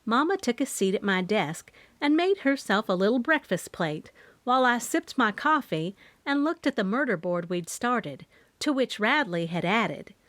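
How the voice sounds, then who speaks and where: A woman narrating a first-person audiobook with expressive storytelling. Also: on the high side, normal speed, no echo.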